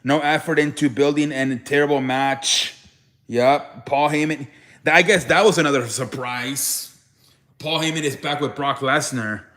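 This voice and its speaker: A man's voice: mid-range voice, moderate pace, fairly bright tone. A young man hosting a casual live stream, rambling and restarting his sentences as he reacts to chat. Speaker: live show host. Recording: echoey room.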